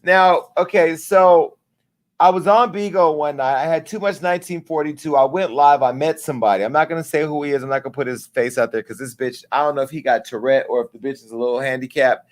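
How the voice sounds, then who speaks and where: Animated storytelling man in his forties. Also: quick pace. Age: 40s. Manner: animated, acts out quoted dialogue with pitch jumps. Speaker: host of a live talk show. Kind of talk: casual, profane storytelling to a live audience.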